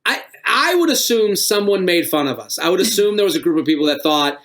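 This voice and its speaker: A man's voice: high voice, very animated, brisk, fairly bright tone. A middle-aged man, a comedian guest on a podcast, telling rambling stories with frequent laughs and swearing. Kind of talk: casual podcast storytelling.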